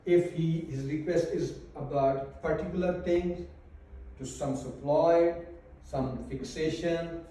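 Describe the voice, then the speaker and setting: A man teaching a class, explaining slowly and carefully with pauses. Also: on the high side, steady tone, dark tone. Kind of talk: classroom lesson. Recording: echoey room, mic far off.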